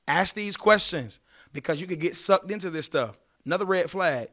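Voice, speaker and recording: A man's voice: high-pitched, moderate pace. A man in his late thirties hosting a podcast, giving dating advice in a casual, preachy monologue that speaks straight to his listeners. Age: late 30s. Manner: animated, preachy, addresses listeners directly.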